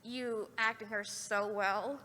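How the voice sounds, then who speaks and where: A woman in the audience of a convention panel asks a voice actor a question, chatty and quick to giggle. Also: mid-range voice, fairly even intonation, sharp tone, a little hiss or hum. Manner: giggly, chatty, breaks into laughs. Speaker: fan asking a question. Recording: reverberant convention hall.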